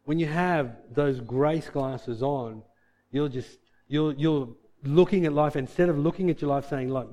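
A man's voice: on the high side, measured pace, warm tone. A middle-aged man preaching a sermon as pastor, earnest and impassioned, often acting out the voices of believers.

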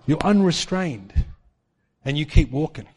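A man preaching a sermon in an animated way, acting out the voices of people in his stories. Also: fairly high pitch, a little slow. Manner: animated, acts out quoted voices. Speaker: pastor. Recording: long hall reverb.

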